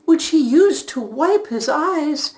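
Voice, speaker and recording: A woman narrating a storybook with an expressive, unhurried delivery. Her voice is very high and sing-song, and she takes her time over each phrase.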